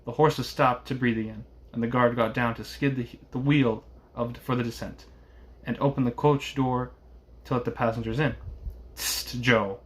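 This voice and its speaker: A man's voice: mid-range voice, moderate pace. Man reading a classic novel aloud. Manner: steady reading with occasional slips. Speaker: reader.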